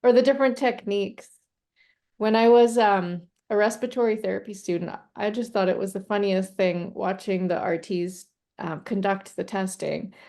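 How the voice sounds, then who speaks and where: A woman respiratory therapist hosting a casual group chat, telling animated stories and laughing often. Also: mid-range voice, normal speed.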